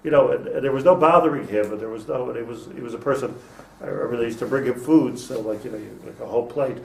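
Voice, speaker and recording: A man's voice: medium pitch, quick pace, creaky. An older man, a rabbi, giving an informal class in a conversational, digressive way, full of stories and Hebrew terms. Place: classroom with small group. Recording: echoey room, distant mic, faint noise.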